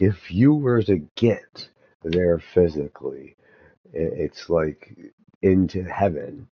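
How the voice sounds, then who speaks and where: Low-voiced guy rambling about spirit stuff, stops and restarts a lot, dull muffled audio. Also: breathy edge. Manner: meandering, halting, many restarts.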